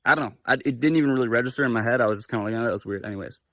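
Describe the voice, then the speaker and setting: A young man hosting a livestream, telling a personal story in a casual, animated way with lots of swearing and fillers. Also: mid-range voice, rapid-fire, no echo, clean studio sound. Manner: animated, profane, filler-heavy. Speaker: livestream host.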